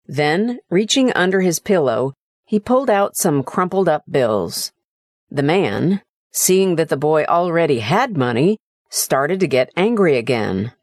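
A woman narrating a short story in an expressive, dramatic way. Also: sits low, no room sound, clean studio sound.

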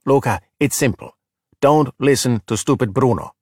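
A man's voice: mid-range voice, moderate pace, breathy edge, dry recording, clean studio sound, close to an everyday voice. A man voicing a bold, cocky young sea-monster boy who talks with breezy confidence, in a storybook reading.

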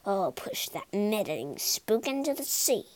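A woman's voice: mid-range voice, sing-song, unhurried, dry recording. A woman voicing a scheming male villain in a storybook reading, gloating and mocking.

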